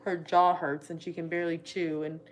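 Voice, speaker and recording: A woman's voice: lowish voice, flat delivery, brisk, a little hiss or hum. A woman co-hosting a casual chat, talking in a matter-of-fact, teasing way. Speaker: co-host, stepparent.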